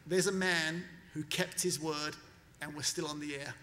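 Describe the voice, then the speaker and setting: A man tells a story at a graduation ceremony, his voice high and bright, with a long hall reverb trailing each phrase. He is an animated storyteller who slips into the voices of the people he quotes. The sound comes from a podium microphone. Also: moderate pace. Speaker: commencement speaker. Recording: long reverb of a large venue.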